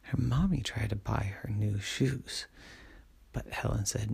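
Gravelly whispering bedtime storyteller man. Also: fairly low pitch, a little slow. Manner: soft, hushed, lulling.

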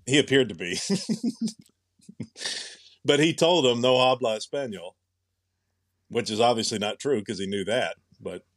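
A man's voice: lowish voice, normal speed, long pauses, no echo, studio quality. A young man co-hosting a podcast, chatting casually and thinking aloud with many restarts. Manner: rambling, musing, with frequent restarts. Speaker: podcast co-host. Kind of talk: casual chat.

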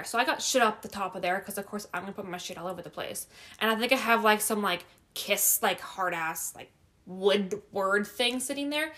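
A young woman with a medium-pitched voice casually recounts a creepy experience in her own basement. She's animated, laughs along the way, and swears constantly.

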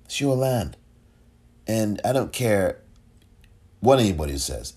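A man hosting a solo commentary podcast, emotional and halting, often repeating himself. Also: fairly low pitch, big pitch swings, a little mellow, breathy edge. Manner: emotional, halting, repeats himself, audibly moved to near tears. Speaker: podcast host.

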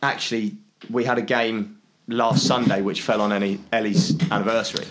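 A man in his thirties with a lowish voice talks openly in a relaxed podcast conversation. He speaks plainly, circling back with fillers and false starts as he goes. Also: moderate pace, slight background noise. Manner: frank, conversational, plenty of fillers and restarts. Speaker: podcast guest, bereaved father and teacher.

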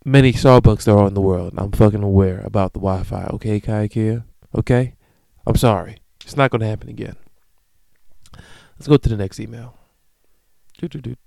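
A man in his thirties hosting a solo podcast, ranting in a profane, animated, comedic way. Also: mid-range voice, smooth, no room sound. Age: 30s. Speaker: podcast host. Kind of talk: casual solo podcast monologue.

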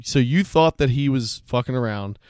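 Man, podcast co-host, short teasing reactions, smooth resonant voice, mid pitch. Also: normal speed, darkish tone, no echo, clean studio sound. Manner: brief reactive interjections, teasing. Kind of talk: casual podcast chat.

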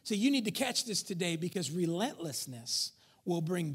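A male pastor preaching a sermon in church, emphatic, joking with the congregation, swinging between shouting and near-whisper. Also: sits high, very animated, moderate pace, husky.

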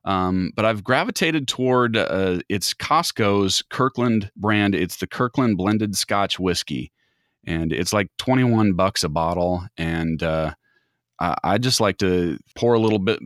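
A man's voice: sits low, expressive, unhurried, fairly bright tone, no room sound, clean studio sound. A man from the American Midwest chatting casually as a podcast guest, rambling and often restarting his words. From Midwest United States. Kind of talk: casual chat.

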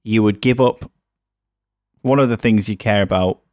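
A man with a low voice chats hesitantly on a film podcast, restarting his sentences. The sound is dry and close. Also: moderate pace, darkish tone, dry recording. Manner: hesitant, restarts often, reads trivia aloud. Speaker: podcast co-host. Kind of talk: casual film review chat.

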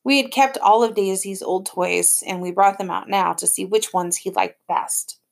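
A woman's voice: medium pitch, fairly even intonation, moderate pace, gravelly. A woman narrating an audiobook in plain first-person storytelling. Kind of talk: scripted narration.

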